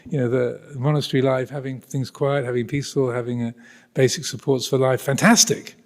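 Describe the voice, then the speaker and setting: Man, Buddhist teacher, mid-pitch, halting thoughtful delivery, long reverb of a monastery hall. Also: level tone, a little mellow. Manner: thoughtful, hesitant, many restarts. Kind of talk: Dharma talk to visitors.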